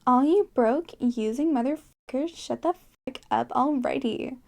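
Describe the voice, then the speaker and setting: A woman's voice: high-pitched, unhurried, gravelly, a little mellow. Woman doing a mocking Valley Girl drawl. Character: female Valley Girl reading rants aloud. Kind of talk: comedic read-out.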